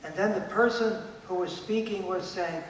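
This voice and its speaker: In a conference hall, a high-pitched male speaker lectures emphatically at a moderate pace, hammering home his main points and imitating the voices of those he quotes. The sound is echoey and distant, with slight background noise.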